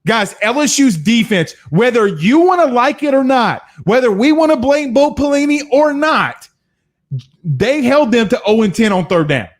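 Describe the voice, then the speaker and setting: A man's voice: very high voice, sing-song, normal speed. A man hosting a casual post-game sports talk show, reading viewer comments and ranting in a blunt, profane way. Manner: blunt, heated, profane, laughs often.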